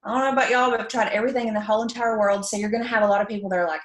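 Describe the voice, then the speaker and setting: A woman's voice: a little high, steady tone, rapid-fire. A chatty woman from Alabama with a Southern accent, giving a casual, upbeat training talk with plenty of fillers. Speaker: network marketing presenter. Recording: echoey room.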